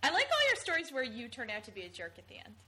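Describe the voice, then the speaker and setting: A woman's voice: high-pitched, wildly swooping pitch, rapid-fire, very noisy. A woman in casual podcast chat, talking in a chatty, self-deprecating way.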